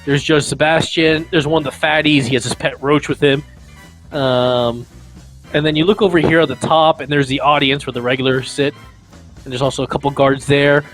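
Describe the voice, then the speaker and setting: A man's voice: on the high side, fairly even intonation, fairly quick, fairly bright tone, soft background music, poor audio. A man running a tabletop game as game master, describing the scene casually with many fillers.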